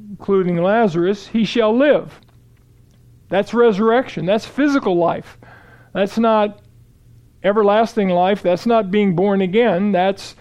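A man giving a steady, explanatory Bible teaching, walking through verses and quoting scripture aloud. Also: sits high, highs cut off.

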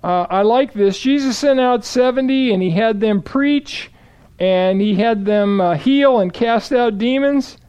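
A man giving a steady, explanatory Bible teaching, walking through verses and quoting scripture aloud. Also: very high-pitched, unhurried, clear, resonant tone, dull audio.

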